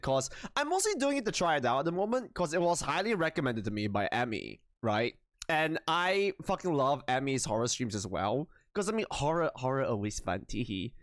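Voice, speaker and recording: A tired young man chats loosely with his live stream audience, cursing and giggling at himself. His pitch jumps all over the place as he rambles. The sound is close and dry, with no room echo. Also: fairly bright tone. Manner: swears freely, giggly, self-mocking, rambling. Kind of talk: casual chat with viewers.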